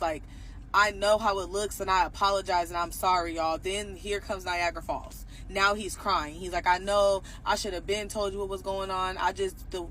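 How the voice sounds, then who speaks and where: A young woman telling a personal story in a casual, animated way, acting out quotes and bursting into loud outrage. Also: medium pitch, a little hiss or hum, poor audio.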